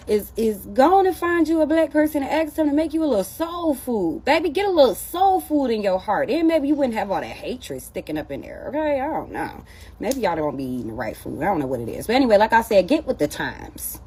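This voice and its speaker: A woman's voice: medium pitch, dark tone, slightly rough. A woman giving sassy, teasing commentary straight to camera, calling her listeners baby. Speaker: social media commentator.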